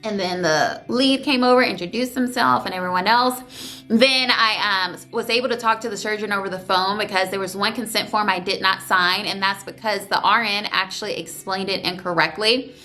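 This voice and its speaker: A woman's voice: mid-range voice, moderate pace, soft background music. A young woman vlogging casually, sharing her surgery story and sometimes holding back tears. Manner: emotional, tearful at times, holding back crying; animated storytelling with voiced quotes.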